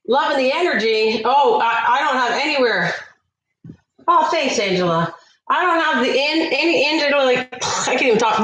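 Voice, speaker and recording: A woman hosting a casual cooking livestream, chatting away and warmly thanking viewers by name from her kitchen. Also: sits high, animated, normal speed, a little hiss or hum. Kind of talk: casual live-stream chat. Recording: echoey room.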